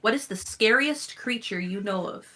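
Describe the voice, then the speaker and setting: A woman's voice: mid-range voice, expressive, moderate pace, sharp tone, slight background noise. A woman playing a tabletop game, blunt and joking with her group. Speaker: player.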